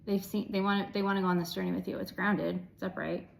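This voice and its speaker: A woman's voice: mid-range voice, level tone, quick pace, gravelly, slight background noise, low-quality recording. A woman giving a casual, chatty tarot reading to her viewers, affirming and blunt, with an occasional swear. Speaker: tarot reader.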